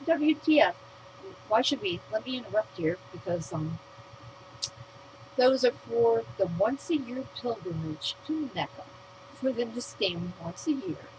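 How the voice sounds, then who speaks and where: A woman's voice: fairly high pitch, expressive, a little slow, noisy background. An American woman vlogger reading her own written rant aloud, blunt, profane and outspoken.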